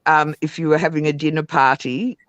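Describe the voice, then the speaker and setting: A woman's voice: sits low, steady tone, brisk, a bit bright, no echo, dull audio. A middle-aged Australian woman, a panel guest, rambling on in a chatty casual chat full of reminiscences.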